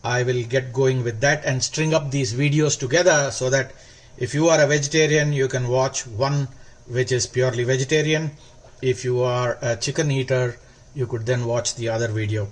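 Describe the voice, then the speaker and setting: A man hosting a cooking demonstration, explaining each step calmly and stretching words for emphasis. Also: mid-range voice, moderate pace. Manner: calm, step-by-step instructional. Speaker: cooking channel host.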